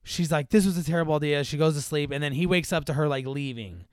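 Rambling man with a smooth, bright voice. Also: a little high, fast talker, dry recording, studio quality. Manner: rambling, filler-heavy, acts out characters in a raised voice. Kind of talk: casual chat retelling a movie.

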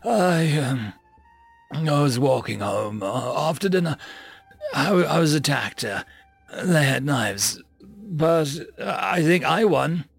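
A wounded young man stammers and meanders, worn out and in pain, as a man voices him. His voice sits slightly raised, with a gravelly, husky grain. Faint music plays behind. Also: a little high, lively intonation, slow pace, no echo, full character voice. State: in pain and exhausted.

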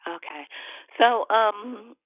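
A woman leads a morning prayer call with fervent prayer and easy greetings to each caller. Her voice carries a gravelly edge at a middle pitch. It comes through a tinny, dry phone line. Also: slow, no room sound. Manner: fervent prayer, warm greetings, frequent laughs. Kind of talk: prayer and devotional teaching on a call. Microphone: phone on a conference call.

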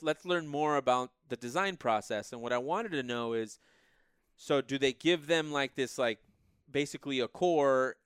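A man's voice: medium pitch, fairly bright tone, clean tone, dry recording, studio quality. A man co-hosting a car podcast, telling a story in casual chat and acting out what people said. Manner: storytelling, acts out quoted people. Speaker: podcast co-host.

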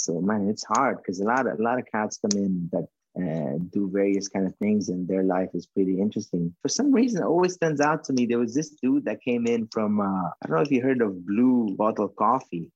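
A man with a fairly low, breathy-husky voice talks loosely about running his coffee shop, peppering everything with slang and the odd curse. It sounds like a casual podcast chat. The recording is dry and a bit muffled. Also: a little mellow, dry recording. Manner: slangy, profane, laughing storyteller.

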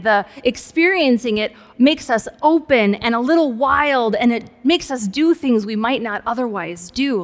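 A woman pastor preaching a sermon in a conversational, playful way with humorous asides. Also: a little high. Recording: long hall reverb.

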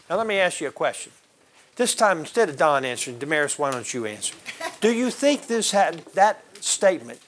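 A man's voice: fairly high pitch, very animated, brisk, a bit bright. A man teaching a Bible class, quizzing his listeners and calling on them by name. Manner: questions the class and calls on members by name.

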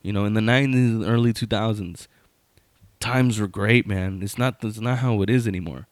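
A man's voice: lowish voice, fairly even intonation, moderate pace, no room sound. A man in his thirties telling a childhood story in a casual, rambling way, full of fillers and restarts.

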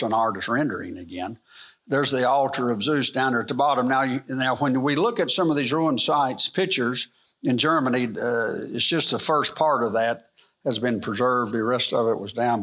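A man of middle pitch teaches a church Bible lesson. He wanders through his points with fillers and restarts, then presses his listeners with rhetorical questions. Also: a bit bright. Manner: rhetorical questions, rising emphasis; rambling, frequent fillers and restarts.

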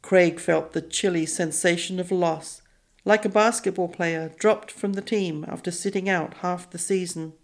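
Female audiobook narrator, measured, slightly low voice. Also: steady tone. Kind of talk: scripted narration.

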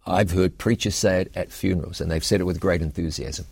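Pastor guy w a lowish voice, earnest preachy cadence, dry close mic. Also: fairly even intonation, brisk, vocal fry, hardly any pauses, darkish tone, husky, dry recording. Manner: earnest preaching cadence, reads scripture aloud. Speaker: pastor and co-host. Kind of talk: Bible Q&A discussion.

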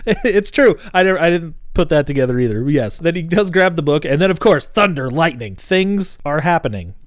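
A man's voice: fairly high pitch, moderate pace, no room sound, clean studio sound. A man co-hosting a casual podcast, recapping a film while laughing often and swearing freely. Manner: laughing, profane, animated. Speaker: podcast co-host.

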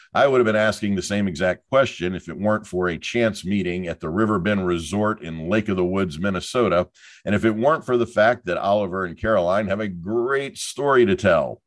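Man, middle-aged, podcast host, very deep voice, dry close sound, jokey storytelling patter. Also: no room sound. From Florida. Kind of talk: hosted podcast monologue.

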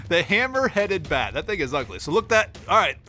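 Giggly man with a lively high voice. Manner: giggly, laughs through his lines. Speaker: podcast co-host. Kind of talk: casual podcast chat.

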